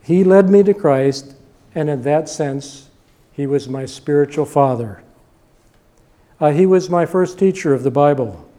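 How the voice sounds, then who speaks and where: An older male pastor delivers a sermon in a mellow, warm-toned voice pitched a little above the usual for a man. He hammers his points home with short, punchy repetitions. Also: measured pace. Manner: emphatic, repeating short punchy lines.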